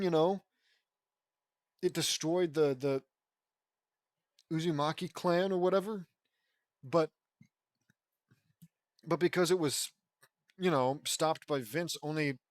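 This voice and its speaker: A man's voice: fairly high pitch, takes it slowly, pauses often, no room sound, clean studio sound. Offhand young-sounding man reading aloud. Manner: stumbling, swearing, joking asides. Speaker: fan fiction reader. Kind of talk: casual audiobook reading.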